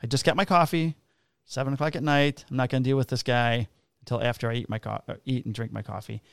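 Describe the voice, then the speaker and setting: A man's voice: mid-range voice, steady tone, quick pace, gravelly, clean tone, no room sound. A man, a police officer casually telling profane stories and acting out the dialogue. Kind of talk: casual storytelling chat.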